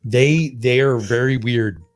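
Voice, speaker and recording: A man's voice: mid-range voice, slow. Blunt, swearing man in casual chat. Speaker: podcast co-host.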